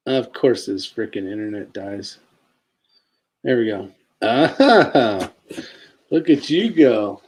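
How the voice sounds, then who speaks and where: A man hosting a casual live stream, laid-back and quick to laugh, reading viewer comments aloud. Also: fairly low pitch, lively intonation, darkish tone, breathy edge. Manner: calls his own voice a sleepy DJ voice. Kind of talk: casual chat.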